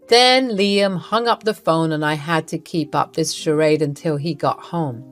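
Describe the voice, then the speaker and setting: A woman's voice: low-pitched, unhurried, few pauses. Brief: female storyteller, amused and conspiratorial, faint music bed. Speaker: narrator. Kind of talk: scripted first-person story narration.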